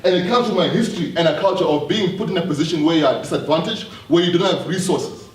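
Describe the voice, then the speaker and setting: A man gives an earnest talk to a live audience, turning again and again to the room with questions. His voice sits fairly high for a man and carries around a roomy hall. It is picked up from a distance, with a faint hiss underneath. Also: fast. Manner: earnest, repeats words, asks the audience questions. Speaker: speaker addressing an audience.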